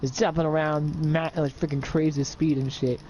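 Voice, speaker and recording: A man's voice: fairly high pitch, level tone, normal speed, dark tone, a little hiss or hum, low-quality recording. A man improvising an adventure story for a friend in casual voice chat, rambling with lots of fillers and checking in with the listener.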